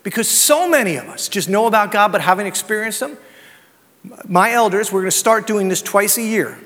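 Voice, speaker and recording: A man with a high voice preaches to his congregation. His talk is conversational, full of anecdotes and rhetorical questions. The sound rings with the long reverb of a church sanctuary. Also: animated, a little fast, a bit bright. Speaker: pastor. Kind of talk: sermon.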